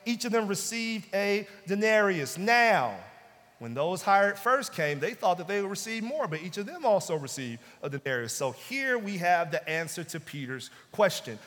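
A man pastor preaching a sermon with emphasis, repeating key phrases and dropping to hushed tones. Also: sits high, sing-song, moderate pace. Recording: long hall reverb.

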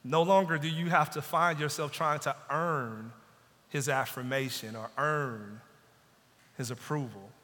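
A man's voice: a little high, steady tone, measured pace, pushed and bright. A man preaching a sermon as pastor, building in intensity and dropping into pleading asides. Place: church sanctuary. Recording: long church reverb.

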